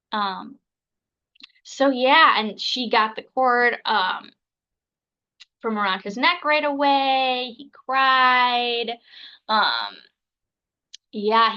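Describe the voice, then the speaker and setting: Chatty woman, bright voice. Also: a little high, muffled recording. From United States. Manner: chatty, filler-heavy, acts out others' words. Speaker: podcast guest. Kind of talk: casual storytelling.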